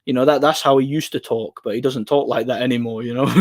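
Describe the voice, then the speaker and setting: A man's voice: medium pitch, fairly quick, no echo. Tired man with a Midlands accent, dry close mic. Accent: English Midlands. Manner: rambling, laughing, repeats himself. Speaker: livestream host reading chat. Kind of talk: casual chat.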